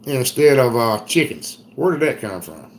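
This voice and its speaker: A middle-aged man with an Eastern North Carolina drawl talks slowly and folksily on a live stream, reading out viewer comments. His voice sits at a medium pitch. A faint hiss of background noise runs under it. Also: sing-song. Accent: Eastern North Carolina Southern. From Southern United States. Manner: folksy, drawn-out storytelling. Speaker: livestream host.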